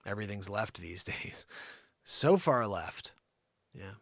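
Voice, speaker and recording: A man's voice: on the low side, slow, vocal fry, dry recording, clean studio sound. A middle-aged man hosting a livestream, chatting casually in a rambling way and slipping into impressions. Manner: rambling, animated, breaks into impressions. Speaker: livestream host.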